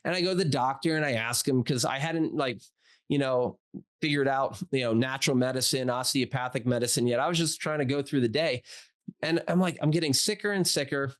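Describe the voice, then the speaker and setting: A man in his forties, a doctor and interview guest, telling a personal story in a casual, animated way, acting out quoted dialogue with lots of "like" fillers. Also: mid-range voice, brisk.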